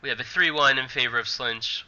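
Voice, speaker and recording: A man's voice: medium pitch, fairly quick, bright, forceful tone, lo-fi sound. A man from New York hosting a casual card game league show, joking and laughing easily as he reads results and signs off. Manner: jokey, laughs easily, gives results and sign-offs. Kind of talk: casual chat.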